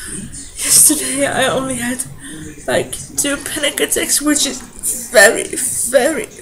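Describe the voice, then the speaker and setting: A woman in her twenties, tearful, talking to camera in a halting confessional vlog with broken-off sentences. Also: sits high, crowd noise, poor audio. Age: 20s. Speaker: vlogger.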